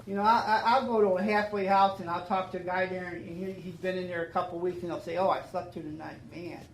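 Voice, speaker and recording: An older man tells his sobriety story in a fairly high voice, and his words stumble and repeat as the feeling rises. The talk rings out in an echoey room with a faint hum of ambience behind it. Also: flat delivery, quick pace. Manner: emotional, repetitive storytelling with many restarts. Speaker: AA speaker. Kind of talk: recovery talk to a meeting.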